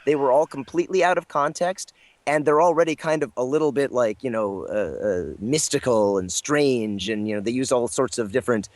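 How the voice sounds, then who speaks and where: A man's voice: mid-range voice, brisk, a little mellow, no room sound. A man guesting as a voice actor, telling a casual, rambling anecdote with lots of fillers and self-deprecating asides. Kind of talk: casual storytelling interview.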